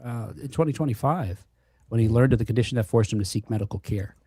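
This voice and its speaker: A man's voice: medium pitch, quick pace, mellow, slightly rough, no room sound, clean studio sound. A middle-aged man hosting a casual live-streamed chat, talking with lots of fillers and restarts over a video call. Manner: chatty, with many fillers and restarts. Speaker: host.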